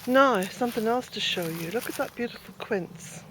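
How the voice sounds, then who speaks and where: A middle-aged Irish woman from Ireland, a smallholder vlogger, gives a casual walk-and-talk tour of her rural garden outdoors. She chats, slightly out of breath, with quiet asides broken by loud calls to her dog now and then. Her voice is on the high side and animated, at normal speed, over noisy outdoor camera audio.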